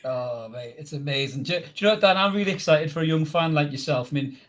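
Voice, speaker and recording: A man's voice: a little high, quick pace, fairly bright tone. A middle-aged man hosting a football podcast over a video call, boisterous and jokey, calling everyone mate. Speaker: podcast host. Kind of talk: excited football podcast chat.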